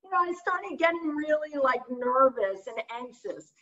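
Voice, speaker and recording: A middle-aged woman, a visiting artist lecturer, delivers a candid and casual art lecture on a video call, chuckling at her own anecdotes; the audio is muffled. She speaks at a measured pace in a high, expressive, slightly bright voice.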